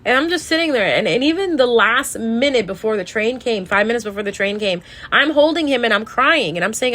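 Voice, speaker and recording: A woman's voice: fairly high pitch, lively intonation, brisk, hardly any pauses, a bit bright. Emotional woman rambling through a sad story. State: sad, tearful. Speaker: tarot reader. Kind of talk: casual storytelling monologue.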